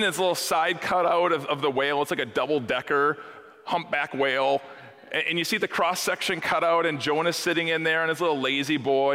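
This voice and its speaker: A man's voice: a little high, bright, forceful tone. A man preaching a sermon to his congregation in a church hall, talking conversationally with humor and rhetorical questions. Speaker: pastor. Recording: echoey hall.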